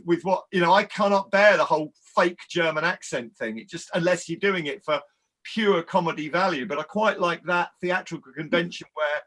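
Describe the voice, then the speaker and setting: Bright, high-voiced rambling male panelist. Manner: thoughtful, rambling. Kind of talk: casual live panel chat.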